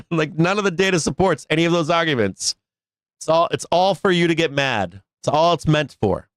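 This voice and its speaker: A man's voice: a little high, expressive, normal speed, fairly bright tone, dry recording. A man hosting a live stock market show, ranting bluntly with swearing, laughs and restarts. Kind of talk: casual live-stream rant.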